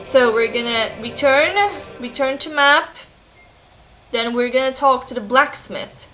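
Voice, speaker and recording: Bright, giggly young woman gamer. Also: sits high, a little slow, faint music behind. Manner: self-mocking, giggly, apologetic. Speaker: gamer, channel host. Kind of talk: casual gameplay commentary.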